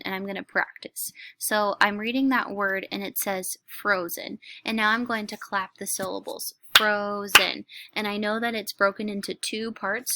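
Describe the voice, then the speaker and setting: A woman teacher explaining a lesson to young children, slowly and clearly. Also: mid-range voice, bright, forceful tone, no echo. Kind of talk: instructional video lesson.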